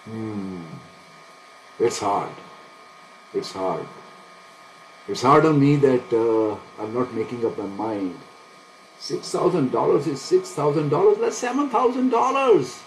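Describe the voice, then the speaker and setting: A man's voice: medium pitch, animated, takes it slowly, long pauses, a little hiss or hum, rough recording. Anxious, self-questioning male trader. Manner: anxious, self-questioning, laughs nervously, talks to himself. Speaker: day trader streaming a live trade. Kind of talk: live commentary to viewers.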